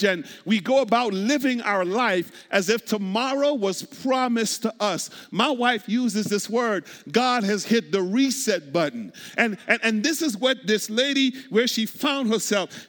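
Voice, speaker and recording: A man preaching a sermon as pastor, repeating words, calling out to the congregation and breaking into sung and shouted phrases. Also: high-pitched. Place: church sanctuary. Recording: long hall reverb.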